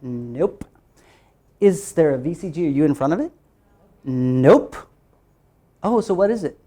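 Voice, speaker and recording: A lively man coaches teachers on phonics, his voice leaping quickly in pitch. Chanting through repeated steps, he fires off questions and then answers them on his own.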